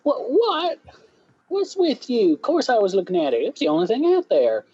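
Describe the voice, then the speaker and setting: A man voicing a brash, pushy Southern woman photographer in a Southern accent, raised up high and indignant. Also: huge pitch swings, moderate pace, mellow, breathy edge, dull audio, full character voice.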